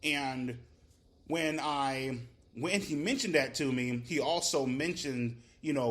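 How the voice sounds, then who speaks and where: A man's voice: mid-range voice, measured pace, a bit bright. A man answering interview questions in a rambling way, swearing heavily and repeating "you know what I mean.". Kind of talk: casual, profane interview answers.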